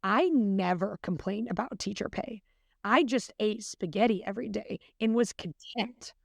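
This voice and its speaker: Podcast guest: young woman, earnest and chatty, quick, dry close sound. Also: medium pitch, creaky, no echo. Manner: chatty, earnest, fast with many fillers. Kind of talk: casual podcast interview.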